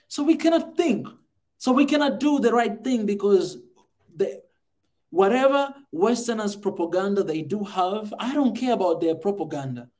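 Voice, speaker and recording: A man's voice: high-pitched, darkish tone. A man, speaking fervently on a podcast and repeating phrases for emphasis. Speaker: podcast host. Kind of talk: impassioned podcast monologue.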